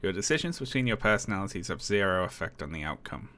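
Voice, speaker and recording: A man's voice: sits low, expressive, quick pace, pushed and bright. A man streaming live, chatting casually, chuckling and reading on-screen text aloud with dry remarks.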